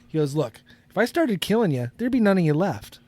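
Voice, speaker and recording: A man's voice: high-pitched, sing-song, brisk, warm tone, dry recording. A middle-aged man co-hosting a casual podcast, rambling and laughing often as he talks. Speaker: podcast co-host.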